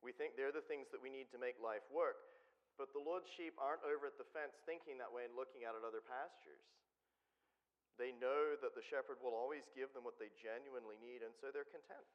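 A man's voice: medium pitch, brisk. A man preaching a conversational sermon, often asking the congregation questions. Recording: dull sound with long hall reverb.

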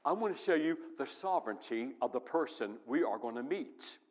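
A man preaching a sermon with emphatic delivery that swings between loud passages and hushed ones. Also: mid-range voice, lively intonation, normal speed. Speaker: pastor. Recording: long reverb in a large hall.

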